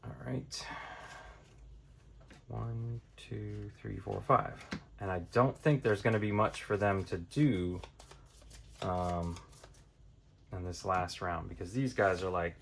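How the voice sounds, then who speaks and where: Male board game presenter, low voice, relaxed think-aloud playthrough delivery. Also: takes it slowly, vocal fry, pauses often, slight background noise. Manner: thinking aloud, counting cards out loud. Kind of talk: casual tabletop playthrough tutorial.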